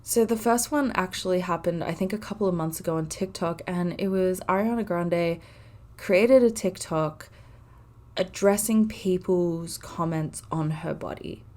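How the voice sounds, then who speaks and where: A woman's voice: lowish voice, measured pace, darkish tone. A woman in her twenties hosting a casual solo podcast, talking earnestly and from the heart with frequent "like" fillers. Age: 20s. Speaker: podcast host.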